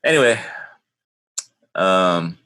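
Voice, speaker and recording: A man's voice: deep voice, lively intonation, extremely slow, pushed and bright, smooth. A man co-hosting a podcast in a casual, joking chat, laid-back and sometimes dropping to a mumble. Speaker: podcast co-host.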